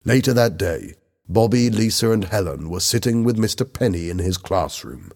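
A male narrator reads a children's story aloud in clear, steady storytelling. His voice is low and husky, and his pitch moves lively through the sentences. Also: moderate pace. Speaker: audiobook narrator. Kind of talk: scripted narration.

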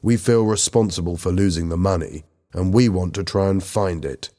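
A man's voice: low-pitched, normal speed, mellow, long reverb tail, lightly acted. A man voicing Bobby, a worried, earnest teenage schoolboy, close to his own voice.

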